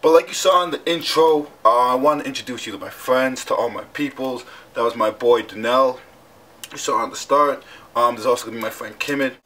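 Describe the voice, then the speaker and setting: A man's voice: mid-range voice, fairly quick, bright, forceful tone. Young male vlogger with a cold, rambling and self-mocking, faint noise behind. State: has a cold. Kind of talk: casual vlog talk to camera.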